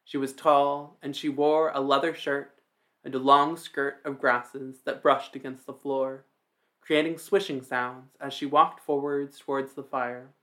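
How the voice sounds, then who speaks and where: A man narrating a fantasy story in a steady, even reading. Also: mid-range voice, unhurried.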